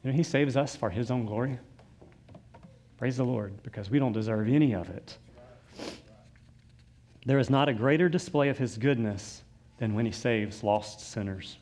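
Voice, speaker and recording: A man's voice: mid-range voice, moderate pace, pauses often, darkish tone. A man preaching a sermon, reading scripture aloud and adding loose conversational asides. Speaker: pastor.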